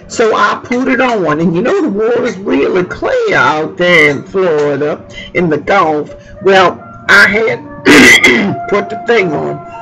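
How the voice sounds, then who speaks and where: A woman from tells a rambling personal story, laughing often and searching for words. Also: on the low side. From Louisiana. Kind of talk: personal anecdote told aloud. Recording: lo-fi recording with music behind.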